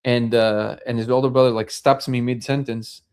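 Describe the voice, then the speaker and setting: A man hosts a casual live discussion, his voice sitting at an ordinary middle pitch. He rambles through his stories, circling back with fillers and restarts. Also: flat delivery, moderate pace, a little mellow, smooth. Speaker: host.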